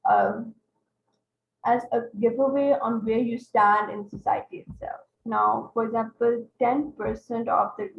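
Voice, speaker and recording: A woman's voice: fairly high pitch, vocal fry. A woman teaching an online class, explaining step by step and checking in with her students. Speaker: English tutor. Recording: roomy, dull lo-fi online class audio.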